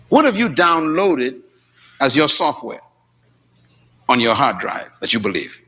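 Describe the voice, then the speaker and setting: A husky-voiced pastor gives an animated, dramatic sermon, a little slow and full of pauses. He moves between loud shouts and low asides and recounts stories using quoted dialogue, with the congregation answering him in church.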